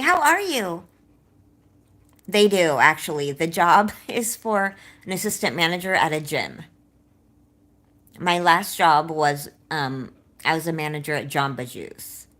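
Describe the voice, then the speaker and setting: A woman's voice: low-pitched, a bit bright. A woman chatting candidly on a livestream, rambling and self-doubting, with a slight lisp that comes out when she is nervous.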